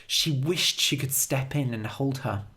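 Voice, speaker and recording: A woman narrating a story for English learners as a scripted read-aloud, with an expressive, lively delivery. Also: a bass voice, unhurried.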